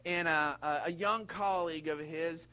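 A middle-aged man preaching a sermon in a folksy way, with big swings in pitch and loudness and many repeated words. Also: steady tone, moderate pace. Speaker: pastor.

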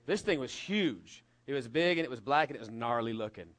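A middle-aged man from California preaching a sermon, telling a lively story with jokes and acting out the voices of the people in it. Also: mid-range voice, fairly quick. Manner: storytelling, animated and jokey, acts out voices. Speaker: pastor.

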